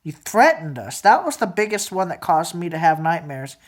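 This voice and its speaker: A woman in her twenties venting angrily to camera in a profane, repetitive rant that sometimes drops to a low mutter. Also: very animated, moderate pace. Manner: angry, profane ranting; repeats phrases, drops to a low mutter at times. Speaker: vlogger. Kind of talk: emotional venting monologue.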